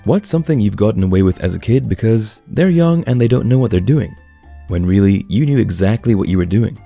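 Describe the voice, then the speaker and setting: A man reads online stories aloud in a steady, scripted narration. His voice is gravelly with a dark, mellow tone. He keeps an even storytelling pace throughout. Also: on the low side, fairly quick, soft background music.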